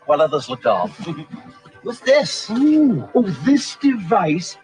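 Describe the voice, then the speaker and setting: A pompous old-ad professor, high voice swooping all over, faint music behind. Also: male voice, big pitch swings, slow pace, a little mellow, full character voice, rough recording. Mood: lecturing. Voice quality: theatrical, relishing. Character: pompous male professor of the future. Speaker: ad actor. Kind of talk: 1960s TV commercial.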